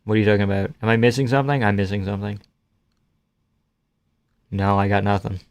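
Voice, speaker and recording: A man's voice: lowish voice, level tone, fast talker, gravelly, no room sound. A young man hosting a live stream, casually reading out viewer comments and joking crudely in an offhand way.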